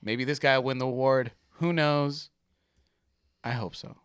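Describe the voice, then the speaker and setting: A man's voice: mid-range voice, steady tone, unhurried, fairly bright tone, smooth, no echo, studio quality. A man hosting a podcast, chatting casually as he reacts to videos, swearing freely and laughing often. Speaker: podcast host.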